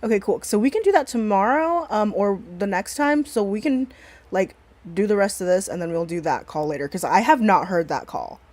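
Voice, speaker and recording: A woman's voice: medium pitch, animated, a little fast, a little mellow. A woman hosting a stream in casual chat, blunt and profane, rambling with many restarts. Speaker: stream host.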